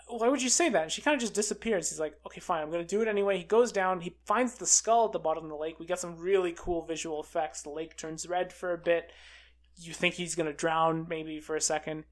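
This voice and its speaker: A film reviewer recapping a movie in a casual, excitable way, full of fillers like "uh" and "like". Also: mid-range voice. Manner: chatty and excitable, with many fillers like "uh" and "like".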